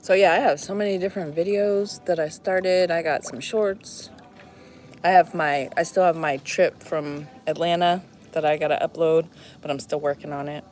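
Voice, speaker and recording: A woman's voice: sits low, fairly even intonation, normal speed, a little mellow, faint music behind. A woman chatting casually to her viewers in a vlog, breaking off to talk to a dog playing fetch outdoors. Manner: chatty, talks to a dog between asides. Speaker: vlogger.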